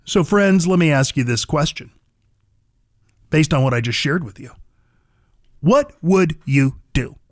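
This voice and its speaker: A male radio talk show host with a high voice, talking in a blunt, combative, folksy way to his listeners. His voice is dry and close on a studio mic. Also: expressive, a little slow, pauses often, dry recording. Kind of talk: opinionated call-in radio monologue.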